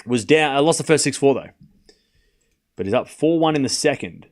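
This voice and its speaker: This stream host has a mid-range, expressive voice and a moderate pace. He calls the points of a tennis match during a live watchalong, chatting easily with viewers, talking to the chat and laughing often.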